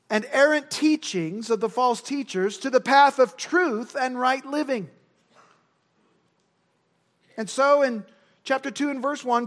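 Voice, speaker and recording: A man with a strikingly high voice preaches a sermon. He lands his points with emphasis and drives them home by repeating key words. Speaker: pastor. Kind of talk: expository sermon.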